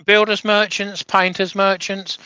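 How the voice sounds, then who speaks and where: A man's voice: high voice, level tone, measured pace, pushed and bright, clean tone, no room sound, low-quality recording. A man demonstrating woodturning on a livestream, chatting casually with dry, practical jokes.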